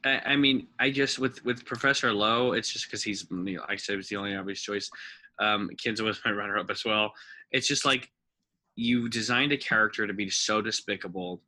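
A man co-hosting a casual film review podcast, rambling and animated, often mimicking dialogue from the film. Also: on the low side, brisk. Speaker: podcast co-host.

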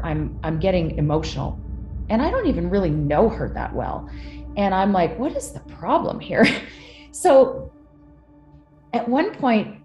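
A woman's voice: medium pitch, darkish tone, reverberant. A middle-aged woman telling a personal story with candid emotion, swearing freely. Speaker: guest.

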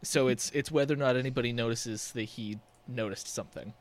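A man's voice: medium pitch, a little fast. A man playing a tabletop game, thoughtfully describing what his character does. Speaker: player. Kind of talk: casual tabletop game chat.

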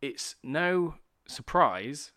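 A man's voice: fairly high pitch, big pitch swings, extremely slow, pushed and bright. Candid, profane man on a podcast. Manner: candid and profane, explaining with heavy swearing. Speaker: podcast guest. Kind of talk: casual podcast conversation.

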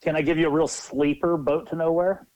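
A man co-hosting a podcast, telling crude anecdotes in an animated, profane way. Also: a little high, brisk, no echo, rough recording. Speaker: podcast co-host. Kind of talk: crude casual storytelling.

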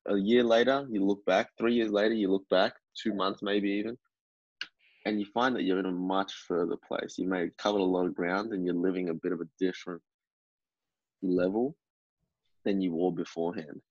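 A man's voice: low voice, steady tone, a little fast, dry recording, dull audio. A man talking in a casual podcast chat, reflective and motivational, often repeating words as he thinks.

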